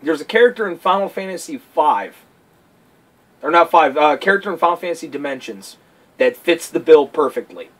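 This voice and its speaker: A young man co-hosting a casual game chat, excitable and profane, acting out scenes in mock voices. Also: a little high, brisk, rough recording. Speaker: podcast co-host.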